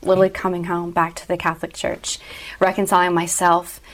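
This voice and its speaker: A woman's voice: on the low side, monotone, a little fast. Earnest woman telling a personal story. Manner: earnest, emotional storytelling with soft laughs. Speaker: guest. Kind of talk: personal testimony in an interview.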